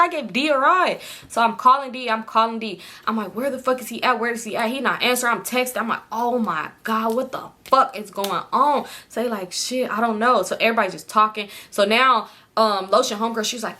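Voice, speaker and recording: A young woman telling a storytime story in a casual, animated way, swearing freely and acting out quotes in a higher voice. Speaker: storytime vlogger.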